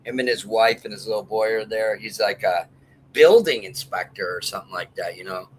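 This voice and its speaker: A man's voice: on the low side, fairly quick, slight background noise, poor audio. An older man chatting casually as a guest, rambling through jokey stories and laughing often. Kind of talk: casual livestream chat.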